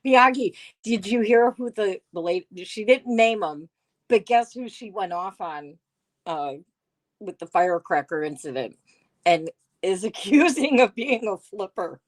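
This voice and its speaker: A middle-aged woman hosts a casual live stream, reading the chat aloud with sarcasm, laughing often and talking with viewers. Her voice is medium in pitch with lively intonation, and she speaks a little slowly.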